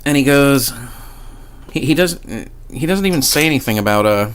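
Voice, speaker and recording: A man's voice: medium pitch, lively intonation, moderate pace, clean tone. A man casually telling a personal paranormal story in a rambling, profane way, often restarting his sentences. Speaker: vlogger.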